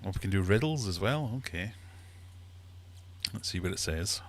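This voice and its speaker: Deep-voiced, lively livestream host. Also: male voice, moderate pace. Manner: chatty, laughs a lot, tells jokes. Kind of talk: casual livestream chat. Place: fish room.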